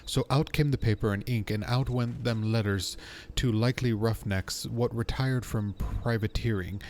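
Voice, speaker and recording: A man's voice: mid-range voice, fairly even intonation, moderate pace, darkish tone, slight background noise, natural voice. A man putting on a salty sea-dog growl. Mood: gruff. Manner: rough seafaring dialect, swearing. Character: salty gruff sea-dog sailor reading letters.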